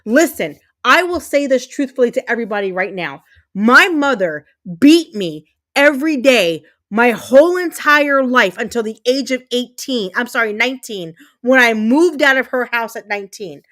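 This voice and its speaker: This livestream host, in her thirties, vents her fury in a slightly high, fairly bright voice with lively intonation at normal speed. The rant is heated and emphatic, repetitive, and full of swearing.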